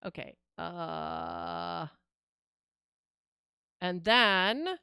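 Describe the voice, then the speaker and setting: A woman's voice: lowish voice, wildly swooping pitch, extremely slow, very noisy. A woman streaming a game live, chatting casually and expressively with her viewers and reacting with laughs and sighs. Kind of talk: casual live-stream chat while gaming.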